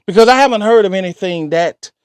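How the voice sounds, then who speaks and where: Animated man reacting with dry close sound. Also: high voice, fast, smooth, dry recording. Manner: exclaiming, joking, talks back to the story. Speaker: channel host reacting to a story.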